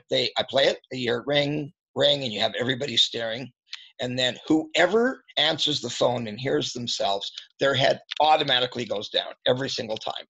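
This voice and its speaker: A male trainer talks auto service advising through candid, anecdotal stories, pausing often to clear his throat. His voice is gravelly and a little husky. The recording sounds dull and lo-fi. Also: medium pitch, pushed and bright. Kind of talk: storytelling training talk.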